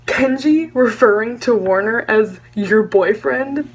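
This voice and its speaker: A woman's voice: fairly high pitch, breathy edge. Gushing young woman book vlogger. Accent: Texan. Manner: gushing, fast, full of "like" and dramatic asides. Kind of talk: excited book reaction vlog.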